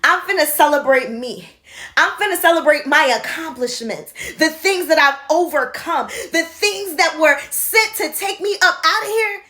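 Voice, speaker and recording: A woman in her forties giving a passionate motivational talk to her phone camera, swinging between shouting and soft confiding. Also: sits high, expressive, normal speed. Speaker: motivational vlogger. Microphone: handheld phone camera.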